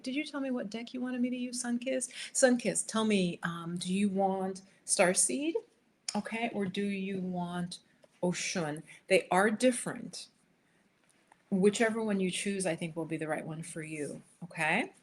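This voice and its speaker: A woman hosting a livestream, chatting with viewers and reading cards for them, sometimes dropping to a soft whisper while she shuffles. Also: medium pitch, a little hiss or hum. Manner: chatty, riffing, addresses viewers by name. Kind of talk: casual live chat with tarot readings. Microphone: headphones.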